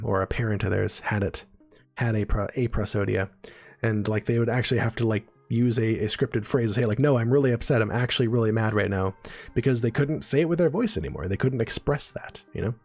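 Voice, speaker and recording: Talking fast in a lowish, slightly mellow voice over soft background music, a man teaches neuroscience casually on a live stream. He explains terms in a chatty way, peppering his talk with "right?" and "okay?" to check in with viewers.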